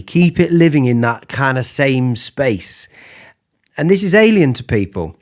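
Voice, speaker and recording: A man giving a casual singing lesson, explaining vocal technique between falsetto sung examples. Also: sing-song, measured pace. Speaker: singing teacher.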